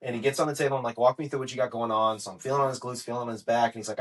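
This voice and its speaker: A man hosting a casual podcast, animated and quick to laugh, often repeating words for effect. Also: medium pitch, low-quality recording. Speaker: podcast host, physical therapist. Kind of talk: casual chat.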